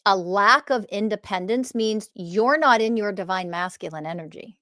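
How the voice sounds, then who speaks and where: A woman teaches alone on her podcast in an emphatic, animated voice that sits at a middle pitch. She leans hard on key words and sometimes swears for force. The recording is dry and close, with no room sound. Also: normal speed, no room sound. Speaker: podcast host and spiritual teacher. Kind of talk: solo podcast monologue.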